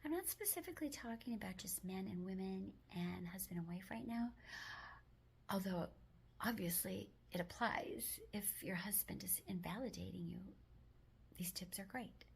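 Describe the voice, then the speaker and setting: A woman hosting a self-help video, talking gently and mostly in a whisper, with firmer spoken phrases now and then. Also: mid-range voice, expressive, normal speed, creaky, breathy edge.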